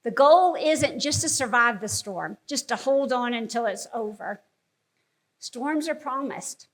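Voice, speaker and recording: A woman's voice: a little high, expressive, measured pace. A woman preaching a sermon in an earnest, emphatic way, repeating key words for stress.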